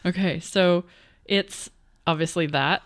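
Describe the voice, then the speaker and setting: Woman co-host, giggly and punning, lowish voice, dry close recording. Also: fairly even intonation, slow, no echo. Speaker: podcast co-host. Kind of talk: casual chat.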